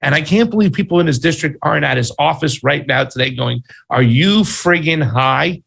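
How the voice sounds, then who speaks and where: Gravelly, exasperated man co-host. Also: on the high side, animated, fast, a bit bright. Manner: exasperated, sarcastic, casual slang. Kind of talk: political commentary chat.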